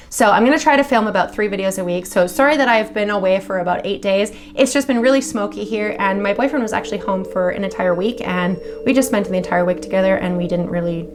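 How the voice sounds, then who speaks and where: A woman's voice: mid-range voice, quick pace, background noise. A woman hosting a video channel, reading horror stories aloud and then chatting casually with viewers, swearing freely and gushing.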